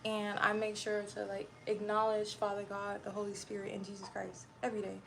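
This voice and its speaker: A woman's voice: mid-range voice, completely flat delivery, brisk, gravelly, a bit bright, slight background noise. A young woman livestreaming and chatting casually with her viewers, blunt and irritable and rambling from one thought to the next.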